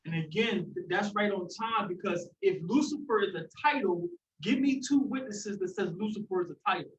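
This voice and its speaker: A man leading a religious discussion, preaching forcefully and breaking into shouts. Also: high-pitched, normal speed, reverberant, recorded from a distance, a little hiss or hum. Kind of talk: fiery preaching.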